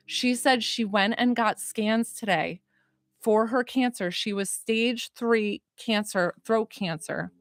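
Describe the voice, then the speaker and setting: A woman hosting a psychic livestream, chatting casually and excitedly, rambling and greeting viewers by name while still catching her breath. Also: medium pitch, no echo, clean studio sound. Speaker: psychic medium livestream host.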